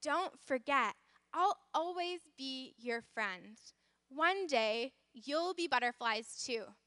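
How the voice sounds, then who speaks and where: A woman voicing a kind, gentle butterfly from a children's story, speaking slowly and reassuringly. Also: high voice, animated, dry recording, studio quality, exaggerated voice. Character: gentle kind new butterfly, loyal friend.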